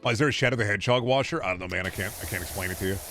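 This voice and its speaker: A man's voice: on the low side, rapid-fire. A man streaming a game from his home setup, chatting casually and sardonically, swearing freely and muttering to himself. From Iowa. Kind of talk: casual gameplay streaming chat. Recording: faint music behind.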